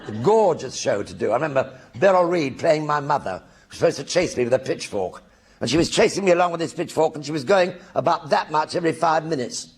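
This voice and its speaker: Older man spinning animated stage anecdotes. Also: a little high. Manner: animated raconteur acting out other people's voices. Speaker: actor telling stories on stage. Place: theatre stage before a live audience.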